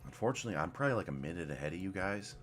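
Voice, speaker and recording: Very deep-voiced man streaming a game. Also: big pitch swings, rapid-fire, soft background music. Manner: rambling, casual, swears often, mumbles asides. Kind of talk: casual live-stream commentary.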